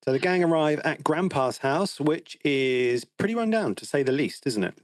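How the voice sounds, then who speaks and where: A man's voice: fairly high pitch, expressive, moderate pace, no echo. Dry-voiced man recapping a horror film. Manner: wry, teasing, recaps plot at length. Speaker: podcast co-host. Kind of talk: casual film discussion.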